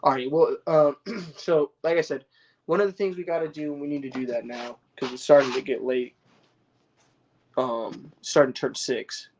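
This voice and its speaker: A man's voice: mid-range voice, steady tone, normal speed, a little mellow, dull audio. A man chatting casually on a live stream, rambling and swearing, full of slang and restarts. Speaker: cannabis grower streaming to viewers. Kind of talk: casual livestream chat.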